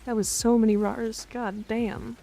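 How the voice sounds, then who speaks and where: A woman's voice: a little high, little pitch movement, a little slow, gravelly, warm tone. A woman streamer chatting playfully with her viewers in a casual live stream.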